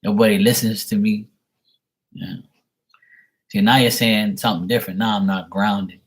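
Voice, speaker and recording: A man's voice: on the low side, little pitch movement, moderate pace. A man who reads tarot on a live stream, ranting bluntly and profanely to his viewers. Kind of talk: casual rant to viewers.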